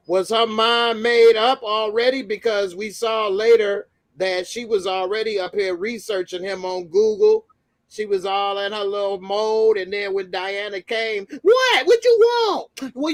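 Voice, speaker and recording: Male host, casual recap chat, slangy, fairly high voice, dry close sound. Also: dry recording. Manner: laid-back, slangy, laughs often. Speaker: show host.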